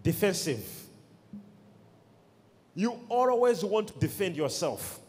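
A man's voice: high voice, very animated, takes it slowly, darkish tone. A man preaching a sermon as pastor, with emphatic call-and-response to the congregation. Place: church. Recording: long hall reverb.

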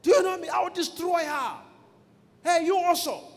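A man voicing a raging male demon that shouts threats while telling a story in a sermon. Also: extremely high pitch, normal speed, voice pushed up. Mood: menacing shout. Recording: long hall reverb.

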